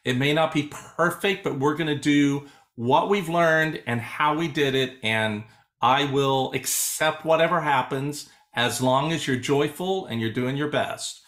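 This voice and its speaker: Animated man, choir teacher. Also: a little high, a little slow. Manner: animated storyteller, acts out quoted students. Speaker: choral music educator. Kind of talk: casual video-call conversation. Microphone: video call.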